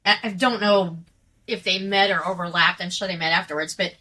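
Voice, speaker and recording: A woman's voice: lowish voice, fairly quick. A woman guest in casual chat, telling stories with lots of laughter and swearing. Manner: laughs often, animated storytelling with voiced quotes; swears freely. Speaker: musician guest.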